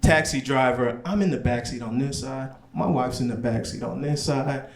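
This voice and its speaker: A man from the American South doing a stand-up comedy set in a small lounge, talking in a relaxed, conversational way and slipping into put-on voices for his characters. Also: medium pitch, normal speed, gravelly. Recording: echoey club room with loud audience noise.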